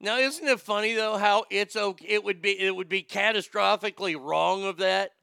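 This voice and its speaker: High-voiced guy with a gravelly edge, ranting and swearing, close dry mic. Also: moderate pace, no room sound. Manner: profane, rambling, animated. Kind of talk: casual ranting commentary.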